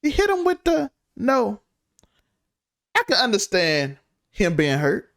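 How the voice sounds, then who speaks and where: A woman's voice: medium pitch, wildly swooping pitch, takes it slowly. A woman co-hosting a casual podcast, arguing her point emphatically and pressing her co-host with questions. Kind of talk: casual news commentary chat.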